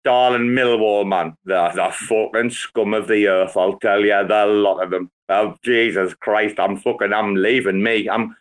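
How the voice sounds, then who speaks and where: A man's voice: lowish voice, steady tone, unhurried, few pauses. A young British man, a regular on a crypto chat call, swearing and teasing theatrically in casual banter.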